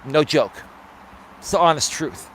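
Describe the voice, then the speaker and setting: A man's voice: on the high side, measured pace, fairly bright tone, slight background noise. A man life coach talking bluntly to his live chat while walking outdoors around a building, streaming from his phone. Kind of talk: casual live-stream monologue.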